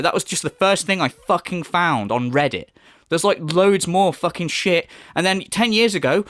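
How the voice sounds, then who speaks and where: A man tears into his subject in a furious, foul-mouthed commentary. His voice sits high and swings wildly in pitch. The sound is dry, with no room behind it. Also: fairly bright tone, no echo. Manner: angry, profane, mocking. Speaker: commentary youtuber. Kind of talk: ranting commentary.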